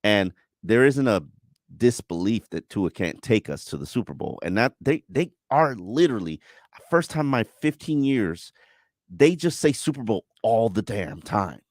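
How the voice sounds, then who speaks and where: Blunt, lower-voiced sports radio man. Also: moderate pace, dry recording, clean studio sound. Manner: blunt, animated when mimicking others. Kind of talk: casual sports talk. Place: radio studio. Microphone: studio microphone.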